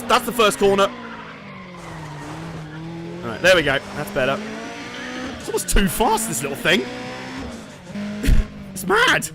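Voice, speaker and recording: A man giving jokey, sweary live commentary over a racing game he streams, laughing often. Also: high-pitched. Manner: joking, sweary, laughs a lot. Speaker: let's play streamer. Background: racing game music and engine noise.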